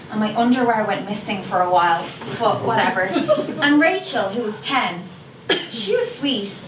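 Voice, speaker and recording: A woman's voice: fairly high pitch, natural voice. A woman performing a monologue as an Irish teenage schoolgirl who is sheepish yet defiant, speaking in a chatty, confessional way with an Irish accent. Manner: chatty, confessional, slips into gossipy asides. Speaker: stage actor performing a monologue. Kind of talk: theatrical monologue. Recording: echoey room, distant mic, noisy video call.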